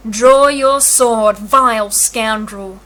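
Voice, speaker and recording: A woman's voice: mid-range voice, normal speed, sharp tone, close to an everyday voice. A woman voicing a hot-headed but cowardly knight who snarls and blusters. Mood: snarling.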